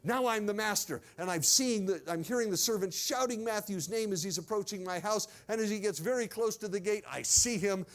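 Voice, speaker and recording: High-voiced man telling a sermon story. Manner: animated, acts out scenes in first person. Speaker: pastor.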